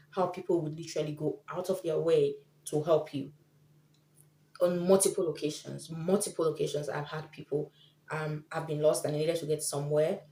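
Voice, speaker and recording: Woman vlogger, casual tips to camera, warm and lowish, lively quoting, echoey room. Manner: chatty, acts out quoted people.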